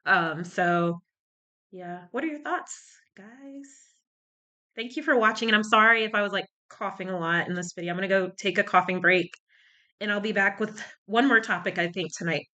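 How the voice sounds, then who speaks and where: A woman's voice: mid-range voice, fairly even intonation, normal speed, pushed and bright. A woman talking in a casual commentary vlog. She rambles and searches for words, and she is short of breath from a cold. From United States. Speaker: YouTuber.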